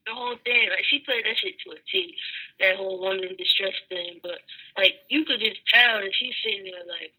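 A woman's voice: medium pitch, fairly quick, pushed and bright, rough recording. A woman new to a podcast, chatting hesitantly with many ums about a TV episode. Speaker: podcast co-host. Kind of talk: casual TV recap chat.

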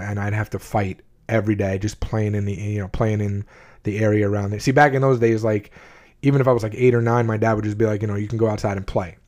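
Low, mellow man telling a story. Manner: rambling, full of "you know" and "like", frequent restarts. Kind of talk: casual personal storytelling.

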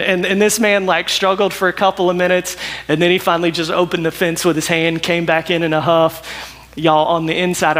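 A man preaching a sermon, telling a story in a folksy, animated way with many repeated words. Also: on the high side.

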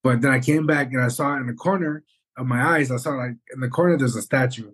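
A man co-hosting a podcast, telling a story in an animated, rambling way and swearing often. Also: medium pitch, fast, slightly rough. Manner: animated, rambling, swears, says "bro" and "you know what I'm saying". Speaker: podcast co-host. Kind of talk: casual storytelling chat.

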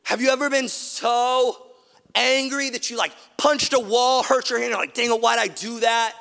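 A man's voice: very high voice, steady tone, moderate pace, vocal fry, bright, forceful tone. A man in his thirties preaching a sermon, casual and emphatic, telling stories as a pastor. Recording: long reverb of a large hall.

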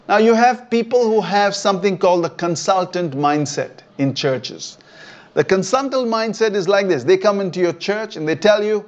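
High-voiced pastor preaching casually. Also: male voice, animated, moderate pace, muffled recording. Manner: conversational, checks in with "okay?" often. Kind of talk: sermon. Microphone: online church stream.

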